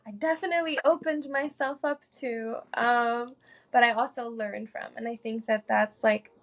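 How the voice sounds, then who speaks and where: A woman's voice: a little high, steady tone, normal speed. Thoughtful woman in a casual chat. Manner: reflective, uses "like" a lot, laughs easily. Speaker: podcast guest, founder. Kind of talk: casual conversation.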